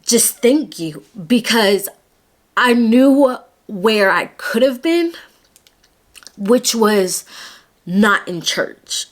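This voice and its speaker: A woman's voice: a little high, animated, drawn-out words, long pauses. A young woman vlogging her personal testimony, earnest and emotional, close to tears at times.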